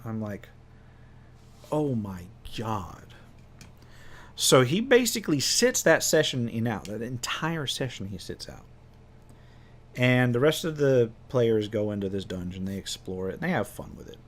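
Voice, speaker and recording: A man's voice: medium pitch, expressive, moderate pace. A man telling a tabletop game story as game master, casually and with many restarts, acting out his players' lines. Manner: rambling, many restarts, acts out players' voices.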